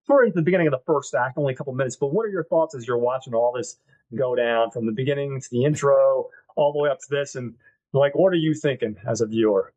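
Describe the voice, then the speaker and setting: A man co-hosting a movie podcast, retelling scenes in a lively, crude, casual way. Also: mid-range voice, fast talker, low-quality recording. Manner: animated retelling with crude jokes. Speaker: podcast host.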